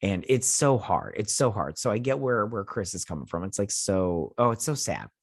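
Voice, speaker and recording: A man's voice: lowish voice, lively intonation, moderate pace, husky, no echo, studio quality. A man in his thirties hosting a casual show recap, telling the story in a loose, rambling, amused way with many restarts. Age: 30s. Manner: amused, chatty.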